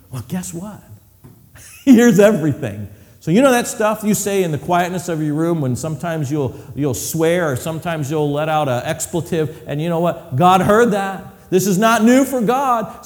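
Lively, animated male preacher in a hall. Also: sits high. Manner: animated storyteller, acts out voices and laughs often. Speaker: pastor. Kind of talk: sermon.

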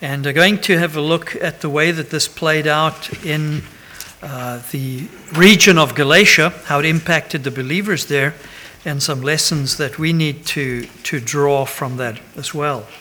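Bright-voiced man preaching a sermon. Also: fairly high pitch, unhurried. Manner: chatty, self-deprecating asides, frequent 'right?'; pastoral, announcement-style.

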